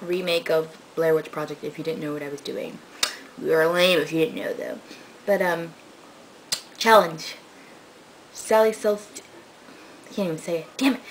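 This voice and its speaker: A young woman vlogging casually, telling a story in a rambling, excitable way with lots of fillers, swinging between loud outbursts and muttered asides. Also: fairly low pitch, moderate pace, pauses often, a little hiss or hum, poor audio. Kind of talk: casual vlog chat.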